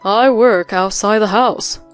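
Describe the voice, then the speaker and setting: A woman's voice: mid-range voice, slow, clean tone, natural voice. A woman voicing a cold, dismissive husband in a narrated story, speaking curtly over faint music. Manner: curt, dismissive.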